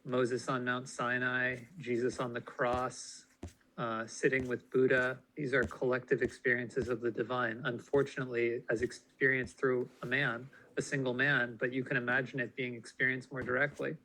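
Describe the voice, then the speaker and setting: A man talking reflectively in a group discussion, halting and searching with many fillers. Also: medium pitch, little pitch movement, bright, forceful tone, a little hiss or hum, low-quality recording.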